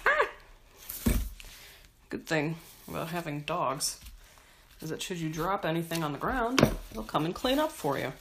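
Low-voiced woman rambling while cooking. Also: big pitch swings, measured pace, pauses often. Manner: rambling, profane, self-mocking. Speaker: home cook. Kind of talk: casual chat while cooking. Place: home kitchen. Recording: kitchen noise with knife chopping.

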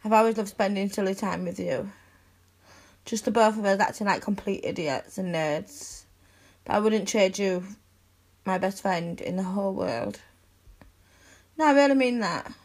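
In a one-sided audio role-play, a young woman talks to the listener as though they were her best friend, soft and intimate, sighing and giggling along the way. Her pitch is medium, her pace moderate, and she pauses frequently.

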